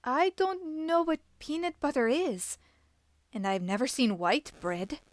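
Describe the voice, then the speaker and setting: A woman voicing a kind young mother-to-be who speaks in a soft, soothing, formal way. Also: high-pitched, sing-song, measured pace, no room sound, pitched above the performer's own voice. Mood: gentle.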